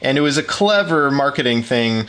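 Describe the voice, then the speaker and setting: A man co-hosting a podcast talks in a casual, hesitant way. He restarts his sentences often and chuckles now and then. His voice sits at a middle pitch. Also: animated, moderate pace, fairly bright tone, clear, resonant tone. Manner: hesitant, many restarts and fillers, laughs often. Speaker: podcast co-host.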